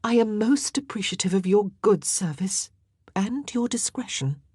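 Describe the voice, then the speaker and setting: A regal young queen, brisk and commanding yet kind, as a woman reader puts her on. She speaks a little above the reader's usual pitch, with a lively lilt. The voice is breathy and dry, as in a close booth. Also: no room sound. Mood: imperious.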